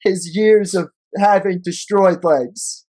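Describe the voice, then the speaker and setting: A man's voice: high-pitched, takes it slowly, darkish tone, dry recording. A man co-hosting a sports podcast, joking and swearing casually, reading out news articles. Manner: joking, profane, reads articles aloud. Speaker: podcast co-host.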